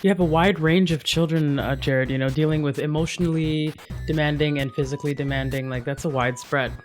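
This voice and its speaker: A man's voice: fairly high pitch, steady tone, fairly quick, faint music behind. A man playing a word game on a podcast, teasing the host and thinking aloud. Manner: teasing, laughs often. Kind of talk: casual game-show banter.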